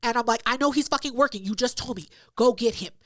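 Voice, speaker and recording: A woman tells a rowdy story on her podcast, loud and full of swearing as she acts out every voice. Her voice sits a little high. The sound is close and dry, with no room around it. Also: fast, dry recording. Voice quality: loud, profane, animated retelling with acted-out quotes. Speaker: podcast co-host. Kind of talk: casual storytelling chat.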